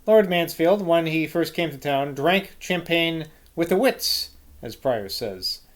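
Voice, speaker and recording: A man voicing a stern, learned 18th-century English gentleman, speaking emphatically. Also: fairly high pitch, animated, slow. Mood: emphatic.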